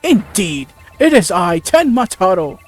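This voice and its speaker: A reader voicing a bombastic male demon king who has taken over a mayor, reading let's play dialogue with booming theatrical proclamations and frequent stumbles over the words. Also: sing-song, a little slow, soft background music. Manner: stammers over the lines.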